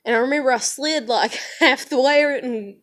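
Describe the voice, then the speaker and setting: A woman's voice: high-pitched, moderate pace, a bit bright. A young woman telling a personal story to camera in a blunt manner, swearing often and using many fillers. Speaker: vlogger.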